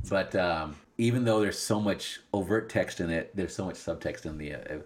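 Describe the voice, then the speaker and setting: A man in casual film discussion, animated, laughing often and acting out lines from scenes. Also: sits low, moderate pace, noisy background.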